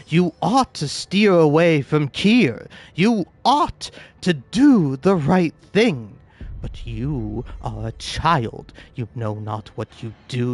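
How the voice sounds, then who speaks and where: Man putting on a stern, scornful superior who lectures slowly and deliberately, a touch high. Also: a little mellow, exaggerated voice. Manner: slow, deliberate, preachy lecturing. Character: stern man scolding a subordinate, coldly contemptuous.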